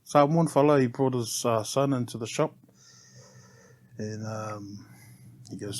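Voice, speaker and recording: A man's voice: mid-range voice, normal speed, long pauses, slight background noise. Middle-aged New Zealand man, easygoing storyteller, chuckles a lot, tags lines with "eh", guest on a chat podcast. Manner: relaxed, laughs often, ends phrases with "eh". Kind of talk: casual storytelling interview.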